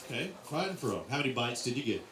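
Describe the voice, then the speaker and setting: A man's voice: mid-range voice, big pitch swings, fast talker, fairly bright tone, slight background noise. Chatty male emcee, roomy and distant. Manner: chatty, upbeat interviewer. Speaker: weigh-in emcee. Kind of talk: live weigh-in announcing. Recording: roomy sound picked up from a distance.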